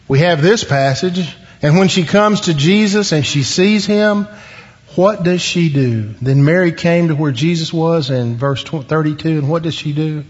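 A man preaching a sermon, asking the congregation questions and pausing for emphasis. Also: a little high. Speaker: pastor. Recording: dull sound with long hall reverb.

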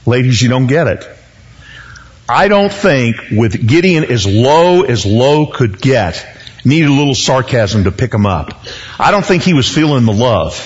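A man's voice: medium pitch, very animated, a little slow, dull audio. A man in his sixties preaching a conversational verse-by-verse sermon, with joking asides and repeated words. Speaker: pastor. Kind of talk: expository sermon.

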